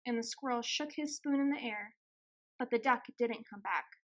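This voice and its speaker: A woman reads a children's picture book aloud in a gentle, expressive storytelling voice. Her pitch sits high. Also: normal speed. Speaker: extension outreach reader.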